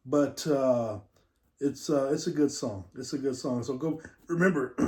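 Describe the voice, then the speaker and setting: A man's voice: on the high side, mellow, reverberant. A man from West Texas, hosting a casual vlog and rambling from topic to topic as he talks to viewers. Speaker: show host. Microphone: camera mic.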